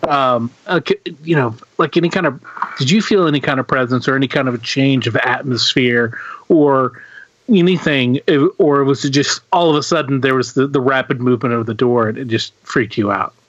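A man hosting a casual chat, asking questions haltingly with many fillers. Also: mid-range voice, dull audio. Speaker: host.

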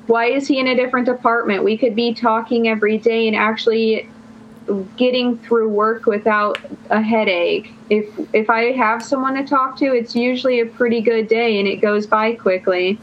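A woman's voice: a little high, fairly even intonation, moderate pace, a little hiss or hum. A young woman guest on a podcast telling a long personal story in casual chat, rambling and filling her phrases with "like". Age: young adult. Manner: rambling, fills every phrase with "like". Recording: dull lo-fi sound.

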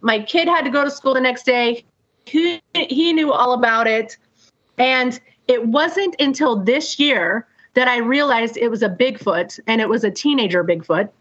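An animated middle-aged woman recounting a story in casual, profane talk, acting out bangs and voices as she goes. Her voice sits a bit high for a woman. The recording is dull and lo-fi. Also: moderate pace. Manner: animated, acts out sounds and quotes, swears freely. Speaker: guest telling a personal story. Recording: dull lo-fi sound.

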